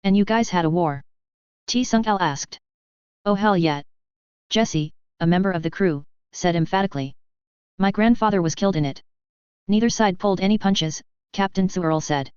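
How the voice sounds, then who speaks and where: A woman's voice: mid-range voice, moderate pace, a little mellow, clear, resonant tone, no echo, dull audio. A woman narrating a sci-fi story as an audiobook, reading the dialogue with light character voicing.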